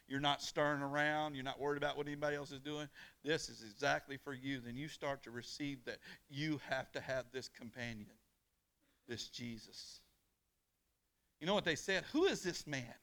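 A man preaching a sermon in church, calling on the congregation to answer back and swinging from hushed, close lines to loud declarations. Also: medium pitch. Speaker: pastor. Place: church on a weeknight.

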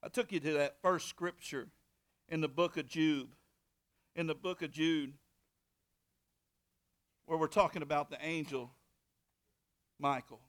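A man preaching a sermon, with rising shouted bursts and call-and-response to the congregation. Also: on the high side, steady tone, a little slow, pauses often. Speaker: pastor.

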